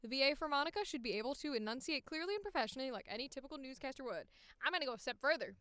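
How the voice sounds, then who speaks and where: A woman's voice: sits high, lively intonation, very fast, fairly bright tone, clear, resonant tone, no echo. A woman voice actor chatting casually on a livestream, reading casting briefs aloud with playful asides.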